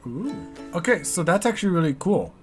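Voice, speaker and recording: A man's voice: high voice, sing-song, brisk, husky, faint music behind. An American man hosting a reaction video, rambling candidly through his thoughts and swearing now and then. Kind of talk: casual reaction commentary.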